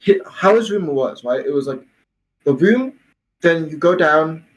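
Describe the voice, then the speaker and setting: A young man spins a casual story on a podcast, his voice sitting a little high for a man. He rambles, circles back and restarts often, laughing as he goes. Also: animated, measured pace, lo-fi sound, slight background noise. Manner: rambling, full of "like" and restarts, laughs while telling. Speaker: podcast host.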